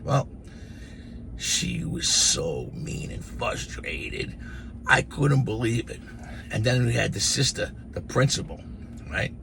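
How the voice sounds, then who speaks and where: A man in his sixties casually telling childhood stories to camera in an animated, profane, rambling way. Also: mid-range voice, takes it slowly, vocal fry, noisy background. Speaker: storyteller.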